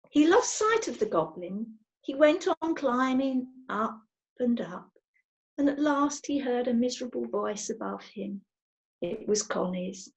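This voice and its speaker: Expressive woman reading a children's story. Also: sits high, takes it slowly, vocal fry. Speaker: storybook reader.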